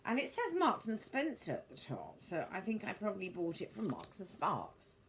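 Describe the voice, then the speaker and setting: Her mid-range voice swings hugely in pitch at a normal pace as this middle-aged woman shows her books, meandering casually. She's a bit prim, often correcting herself and reaching for formal phrasing, over slight background noise.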